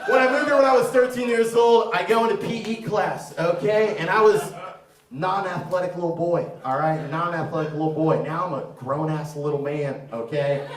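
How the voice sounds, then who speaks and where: A man in his thirties, originally from Florida, doing a crude stand-up set with crowd work, swinging from mutters to loud shouts. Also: sits high, moderate pace. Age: 30s. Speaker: stand-up comedian. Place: comedy theater stage before a live audience. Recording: roomy, far-off mic, crowd noise.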